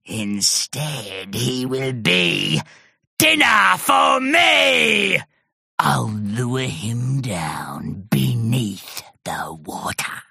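A woman's voice: low-pitched, big pitch swings, drawn-out words, gravelly, sharp tone, slightly rough, dry recording, studio quality, full character voice. A woman voicing a sneaky, gloating female sea monster with a gurgling voice, in a storybook reading. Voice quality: gurgling, gloating, sing-song menace.

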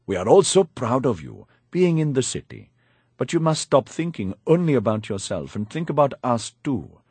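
A man's voice: mid-range voice, sing-song, normal speed, a little mellow, breathy edge, dry recording. A man voicing a scheming old village grandmother, bossy and coaxing in a matter-of-fact way, in an audiobook narration.

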